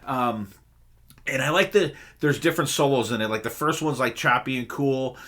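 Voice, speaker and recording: A man's voice: medium pitch, normal speed, fairly bright tone. A man on a music podcast, talking casually and enthusiastically about albums, rambling with fillers and humming guitar riffs. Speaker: podcast co-host. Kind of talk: casual music review chat.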